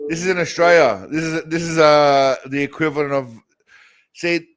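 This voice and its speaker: A man's voice: a little high, fairly even intonation, moderate pace, clear, resonant tone, faint music behind. A man hosting a casual reaction show, rambling and swearing heavily as he comments on clips. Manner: crude, rambling, heavy swearing. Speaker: host reacting to videos.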